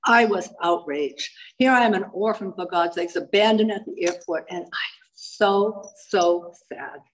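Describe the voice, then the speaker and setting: Speaking unhurriedly in a mid-range voice, a Massachusetts woman gives a live audience her personal testimony about recovery, poking wry fun at herself along the way. The audio quality is poor.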